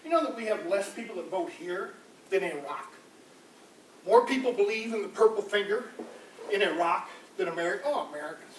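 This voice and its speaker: A man doing rambling, animated political stand-up comedy before a live audience in a campus room, often slipping into mocking voices. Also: high-pitched, fairly quick, slight background noise. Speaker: street comedian. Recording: echoey room, voice from far off.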